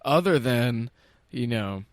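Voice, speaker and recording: A man co-hosting a podcast, recapping in a casual, animated way and laughing often. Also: medium pitch, slow, dry recording. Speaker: podcast co-host. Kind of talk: casual chat.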